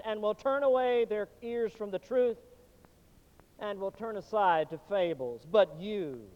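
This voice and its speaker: A man preaching with a high-pitched voice, dramatic and sweeping from loud declarations down to near-hushed lines. The sound is dull and lo-fi, and his words ring out with the long reverb of a church sanctuary. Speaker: pastor. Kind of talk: sermon.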